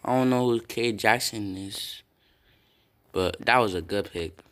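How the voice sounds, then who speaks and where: A young man casually commenting on his own football video game, swearing and breaking into loud yells at big plays. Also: fairly low pitch, a little slow. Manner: reactive, swears often, bursts into loud yells.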